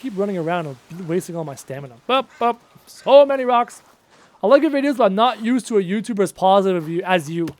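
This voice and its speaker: A man's voice: high-pitched, animated, quick pace, few pauses, darkish tone, dry recording. A man around thirty chatting casually and upbeat with viewers on a live gaming stream. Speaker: gaming livestreamer. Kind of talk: casual live-stream chat while playing.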